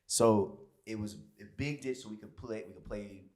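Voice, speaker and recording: A man's voice: on the low side, moderate pace, darkish tone. A man from Florida co-hosting a podcast, telling childhood stories in loose, laughing casual chat. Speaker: podcast co-host.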